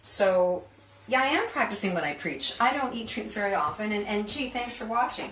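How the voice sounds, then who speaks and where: A woman's voice: mid-range voice, expressive, moderate pace. A woman hosting a live cooking show from her kitchen, chatting in a rambling way and laughing often. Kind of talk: casual live-stream chat. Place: home kitchen. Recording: roomy kitchen, mic far off, noisy.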